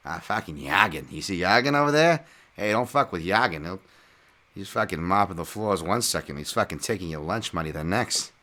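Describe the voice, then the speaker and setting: A man's voice: low voice, animated, brisk, pushed and bright. A man putting on a Boston accent to play a brash, foul-mouthed local tough guy. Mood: swaggering. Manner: brash, profane, swaggering.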